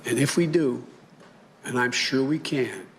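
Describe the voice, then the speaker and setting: A man making halting press remarks, repeating words as he goes, played from an archive clip. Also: mid-range voice, slight background noise. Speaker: politician.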